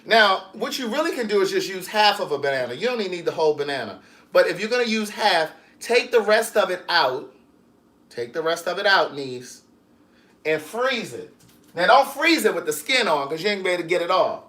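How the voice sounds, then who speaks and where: A man's voice: high voice, big pitch swings, a little fast, bright, forceful tone. A man in his home kitchen chatting casually through a how-to, sassy and teasing, calling the viewer niece and girl. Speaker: vlogger and writer.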